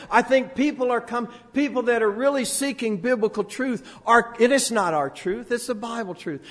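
Older guy preaching in a church, high voice, booming then soft, big hall echo. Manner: swings between loud preaching and quiet asides; sings a few lines of a song. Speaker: pastor. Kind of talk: sermon. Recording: long hall reverb.

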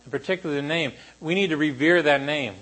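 A male pastor preaching a sermon to a congregation, shifting between animated emphasis and quiet, solemn lines. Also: on the high side, fast, poor audio.

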